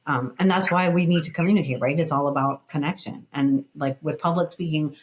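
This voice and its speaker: Low-voiced woman explaining with emphasis. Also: fairly quick, poor audio. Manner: animated, emphatic explainer, frequent "like". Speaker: guest, communication educator. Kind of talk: casual conversational interview.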